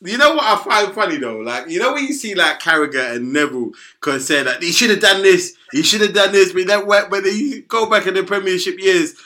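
Bright-voiced laughing man with slang. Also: sits high, expressive, brisk, hardly any pauses. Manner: laughs often, reads out viewer comments. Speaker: host. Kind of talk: casual football chat.

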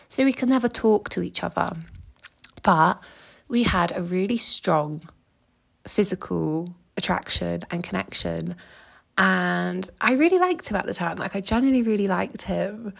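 A woman's voice: lowish voice, vocal fry. A young woman from England telling a personal story in a chatty, emotional way, using "like" a lot. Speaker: vlogger.

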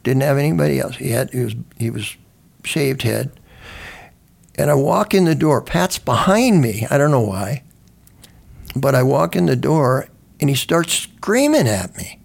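An older man with a deeply gravelly, husky voice tells stories in a loose, rambling way. He restarts his sentences often and drops the odd swear word while he talks. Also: lively intonation, unhurried. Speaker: veteran guest. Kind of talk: conversational storytelling.

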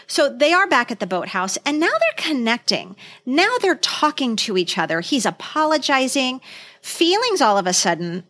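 A woman co-hosting a podcast, casually retelling film scenes in lively detail. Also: high voice, moderate pace. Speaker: podcast co-host.

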